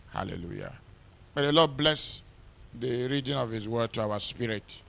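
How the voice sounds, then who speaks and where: A middle-aged man preaching at a pre-wedding church service, reading scripture aloud with rising emphasis, repeating words and using many fillers. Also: medium pitch. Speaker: pastor. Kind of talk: wedding sermon.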